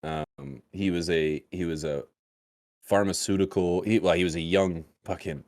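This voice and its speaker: A deep, low-pitched man chats casually as co-host of a podcast. He is laid-back and stumbles, repeating words as he goes. The sound is dry and close with no room around it. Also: fairly even intonation, normal speed, a little mellow, no echo. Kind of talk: casual chat.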